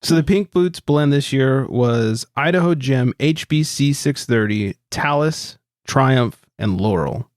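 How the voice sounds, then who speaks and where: A man's voice: mid-range voice, expressive, takes it slowly, few pauses, no room sound, clean studio sound. Laid-back, swearing male podcast co-host. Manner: laid-back, swears freely, laughs often. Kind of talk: casual chat.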